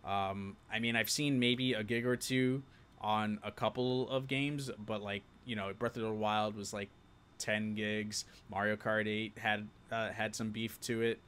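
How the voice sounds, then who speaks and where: A man's voice: on the low side, little pitch movement, unhurried, fairly bright tone, slight background noise. A young man from New York with a New York accent, hosting a live-stream show and chatting casually with viewers, laughing often.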